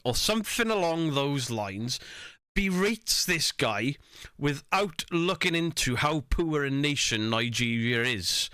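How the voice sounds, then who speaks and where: Bright-voiced guy reacting to clips, swings his pitch all over, dry close mic. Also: lively intonation, takes it slowly, clean tone, no echo. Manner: laughing, self-mocking, sweary. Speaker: reaction streamer. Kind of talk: casual reaction commentary.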